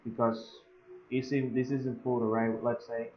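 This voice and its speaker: A man whose first language is Spanish, teaching English grammar in an online lesson, slow and full of "eh" fillers, drawing out his example sentences. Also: medium pitch, level tone, a little hiss or hum. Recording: slightly dull lo-fi audio.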